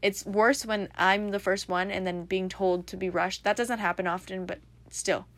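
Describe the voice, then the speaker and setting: A woman's voice: mid-range voice, fairly even intonation, moderate pace, a bit bright, dry recording. A young adult woman hosting a casual solo podcast, rambling and reflective with lots of fillers. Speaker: podcast host.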